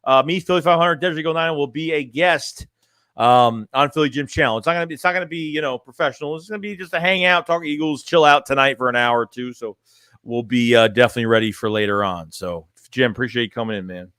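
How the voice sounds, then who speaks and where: Male sports streamer rambling live, lots of fillers, bright voice, dry sound. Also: medium pitch, fast, clear, resonant tone, dry recording. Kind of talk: casual live stream chat.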